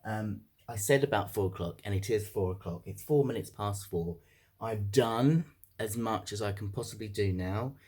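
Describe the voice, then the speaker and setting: A young man chats to his camera in a candid monthly vlog, joking about himself as he goes. His voice sits a little on the low side. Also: moderate pace, darkish tone, husky. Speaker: vlogger.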